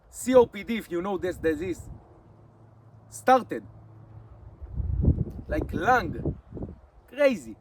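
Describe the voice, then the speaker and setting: A man in his forties with an Israeli accent, a native Hebrew speaker, talking casually to his camera outdoors in the mountains in halting English, his mouth dry from fasting. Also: sits high, expressive, background noise. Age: 40s. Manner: rambling, restarts often, halting English. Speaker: nomad vlogger. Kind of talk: casual vlog monologue.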